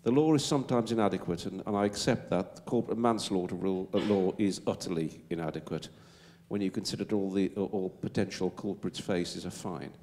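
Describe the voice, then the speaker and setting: A man's voice: sits low, a little fast, few pauses, a little mellow, slight background noise. A middle-aged man with a Wolverhampton accent answering as a panelist, emphatic and stumbling into repeated words as he builds his point.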